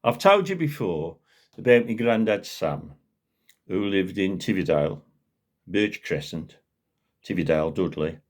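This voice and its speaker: Older man, Black Country accent, slow storyteller, chatty low asides. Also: lively intonation. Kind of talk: casual spoken storytelling.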